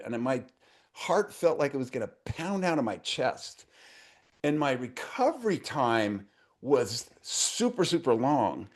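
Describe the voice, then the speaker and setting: A man's voice: mid-range voice, darkish tone. A man in his seventies, a guest author, telling his story earnestly in a casual interview. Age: 70s.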